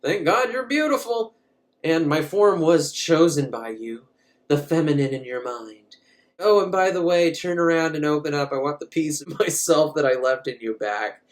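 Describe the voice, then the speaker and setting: A man putting on the voice of a seductive female space vampire in a shrill falsetto during a comic movie recap. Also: animated, close to an everyday voice. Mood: mocking. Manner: shrill falsetto, drawn-out cries.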